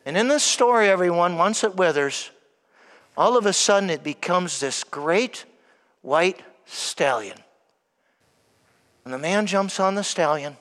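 A man preaching a sermon, emphatic, often calling out to "everyone", sometimes dropping to a soft hush. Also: sits high, expressive, unhurried. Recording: long hall reverb.

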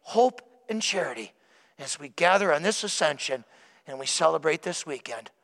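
A man's voice: fairly high pitch, animated, normal speed, creaky, a bit bright. A man preaching a sermon to his congregation, emphatic, repeating key words and putting questions to the listeners. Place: church. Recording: church hall with long reverb.

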